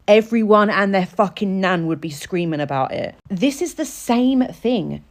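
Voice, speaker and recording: A woman's voice: mid-range voice, lively intonation, measured pace, few pauses. A woman giving blunt, heated commentary on a viral video, swearing freely. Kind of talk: reaction commentary.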